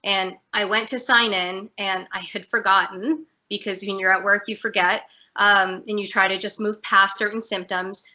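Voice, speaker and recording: A woman speaks as a guest over a video call, her voice bright and clear. She talks openly and earnestly about her own life, at a mid pitch for a woman. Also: steady tone, moderate pace, muffled recording. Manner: earnest, candid, emotional at times. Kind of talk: personal story in an interview.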